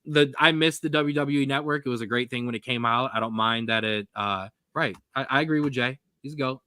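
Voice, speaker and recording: A young man co-hosting a sports podcast, talking in a rambling, jokey, animated way. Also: medium pitch, a little fast, smooth, dry recording, clean studio sound. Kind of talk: casual sports chat.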